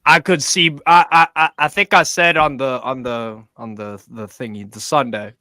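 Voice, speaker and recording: A man's voice: mid-range voice, fairly even intonation, normal speed, pushed and bright, dry recording. A man in casual football chat who hesitates and trails off mid-sentence.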